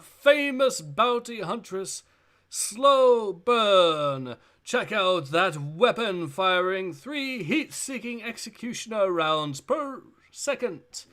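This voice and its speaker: A man voicing a brash male arena announcer with a loud, drawn-out hype delivery. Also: high-pitched, pitched above the performer's own voice, heavily acted.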